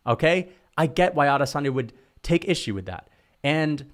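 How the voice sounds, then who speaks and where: Man, young adult, fired-up solo commentary, slangy and profane, slightly high voice. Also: normal speed, a bit bright. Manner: heated, slangy, swears, says bro and dude. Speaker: MMA commentary youtuber.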